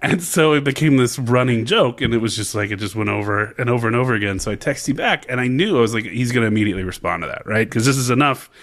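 A young adult man tells a story on his podcast with animated, laughing energy. He talks casually, in the easy rhythm of a friend sharing an embarrassing moment. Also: medium pitch, fast, few pauses. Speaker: podcast co-host. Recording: podcast mic.

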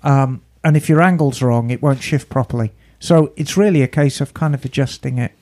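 A man's voice: mid-range voice, brisk. A man co-hosting a motorcycle podcast, explaining repairs in casual chat. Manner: animated, explaining mechanics, teasing. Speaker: podcast co-host.

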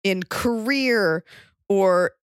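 A woman's voice: medium pitch, drawn-out words, clean tone, no room sound, clean studio sound. A pregnant woman co-hosting a podcast, chatting casually and telling blunt, joking stories. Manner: blunt, joking, animated storytelling. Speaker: podcast co-host. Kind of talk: casual chat.

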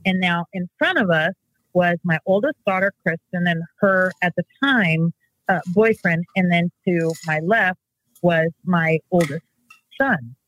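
A woman's voice: on the low side, a little slow, fairly bright tone, low-quality recording. A woman telling a family story in casual conversation, rambling and correcting herself as she goes. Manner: rambling, self-correcting, acts out quotes.

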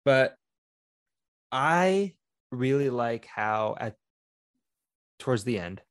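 A man's voice: mid-range voice, animated, very slow, smooth, no room sound. Male podcast co-host, loose thinking-aloud film talk, dry close mic. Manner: rambling, thinking aloud with fillers. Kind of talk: casual film discussion.

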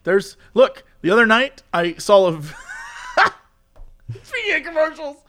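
Here the co-host's very high voice is raised and a little slow. Lively storytelling and frequent laughter fill this casual podcast chat.

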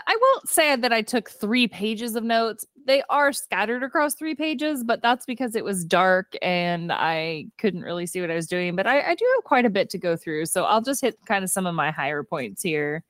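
A woman's voice: medium pitch, animated, moderate pace, fairly bright tone, no echo, clean studio sound. Chatty woman podcast co-host. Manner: chatty storytelling, acts out quotes, laughs often. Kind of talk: casual movie review chat.

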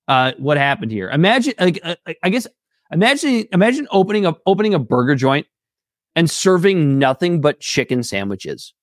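A man co-hosting a political podcast with a voice set a little high for a man. He talks bluntly and heatedly and swears freely. The sound is dry and close to the mic. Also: dry recording. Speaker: podcast co-host. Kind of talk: casual political podcast chat.

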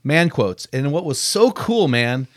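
A man hosting a faith-focused podcast interview, enthusiastic and quick to quote authors. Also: a little high, sing-song, dry recording, studio quality. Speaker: podcast host.

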